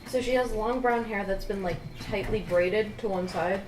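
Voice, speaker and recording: A woman player describing her character in casual, relaxed sentences. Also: mid-range voice, moderate pace. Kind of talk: casual tabletop chat. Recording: echoey room, mic at a distance, faint noise.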